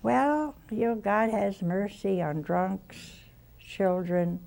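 Folksy and unhurried, an aging nun tells personal stories during an informal spiritual talk, punctuated by sighs and soft asides. She has a medium-pitched, creaky voice, and there's slight background noise.

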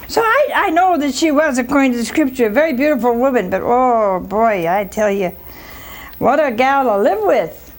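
A woman's voice: high voice, expressive, moderate pace. A woman preaching a storytelling sermon, retelling scripture with chatty asides and rhetorical questions to the congregation.

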